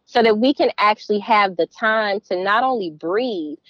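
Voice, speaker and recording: A middle-aged woman with a Southern US accent talks earnestly as an interview guest, leaning hard on key words. Her voice sits at an ordinary pitch. The recording is dry and a little dull. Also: moderate pace, dry recording. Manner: earnest, emphatic, warm laughs. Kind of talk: casual interview.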